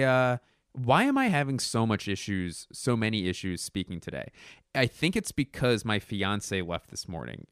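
A man with a fairly low voice hosts a solo podcast from a room at home, speaking into a podcast microphone. He rambles, jokes and pokes fun at himself. The recording is dry and studio quality.

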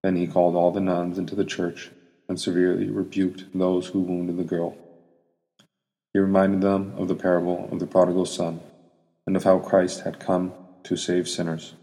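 Male narrator, solemn scripted read, very deep and flat, reverberant. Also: normal speed. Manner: even, solemn reading. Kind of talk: scripted narration of a saint's life. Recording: long hall reverb.

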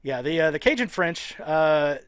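A man's voice: fairly high pitch, animated, moderate pace, a bit bright, smooth, dry recording, clean studio sound. A man from the Louisiana area of the US South, co-hosting a podcast, joking and rambling with frequent laughs. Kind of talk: casual podcast chat.

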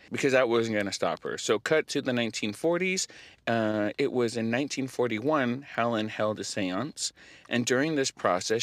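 A young man hosting a podcast, telling a story in casual chat, animated, often laughing and using lots of fillers. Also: mid-range voice, no echo. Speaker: podcast host.

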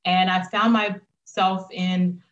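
A woman guest telling a personal story in an interview, earnest and reflective, lively when she quotes herself. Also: lowish voice, slow, echoey room, dull audio.

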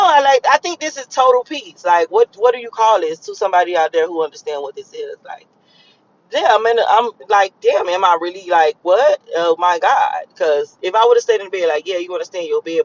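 A man's voice: high-pitched, muffled recording. A young man in a car, rambling and cursing as he reflects on his morning. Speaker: vlogger. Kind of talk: casual morning monologue while driving.

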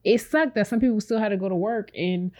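A woman's voice: medium pitch, quick pace, dark tone. A woman co-hosting a podcast in casual, candid chat, rambling and reflective with lots of fillers, talking straight to her listeners. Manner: speaks directly to listeners as "y'all". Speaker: podcast co-host.

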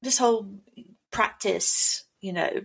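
A woman's voice: medium pitch, takes it slowly, gravelly, fairly bright tone, husky. An English woman co-hosting a casual podcast chat, chatty and self-mocking, often breaking into laughs. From England. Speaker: podcast co-host.

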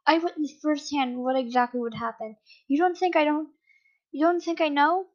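A woman's voice: high-pitched, fairly even intonation, normal speed, lo-fi sound, pitched above the performer's own voice, close to an everyday voice. A woman reading aloud, voicing a hot-tempered young man who defies his parents. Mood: yelling.

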